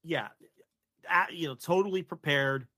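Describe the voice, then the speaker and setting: A man co-hosting a wrestling podcast, opinionated and quick to rant, swearing casually. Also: on the high side, sharp tone, dry recording. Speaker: podcast co-host.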